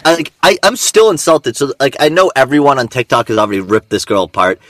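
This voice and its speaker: A man's voice: medium pitch, very animated, fast, fairly bright tone, no echo. A man from the United States chatting on a podcast, ranting with lots of profanity and fillers. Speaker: podcast co-host. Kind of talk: casual chat.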